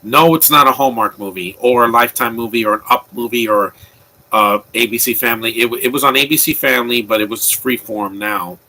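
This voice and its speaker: A man's voice: mid-range voice, brisk, bright, forceful tone, rough recording. A man giving casual, opinionated live commentary on a movie, rambling with frequent restarts. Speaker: film commentator.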